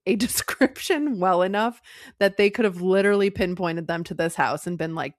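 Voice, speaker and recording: A woman's voice: fairly low pitch, normal speed, no room sound, clean studio sound. A woman co-hosting a movie podcast, chatting casually and laughing often as she recounts scenes. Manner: giggly, quotes characters while laughing. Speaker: podcast co-host. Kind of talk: casual chat.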